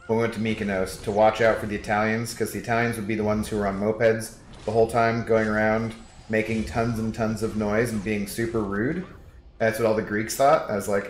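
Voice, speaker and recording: A man's voice: lowish voice, moderate pace. A young man casually chatting with viewers during a game livestream, rambling and reading chat messages aloud. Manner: laid-back, rambling, reads chat aloud. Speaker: game streamer. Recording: echoey room with background music.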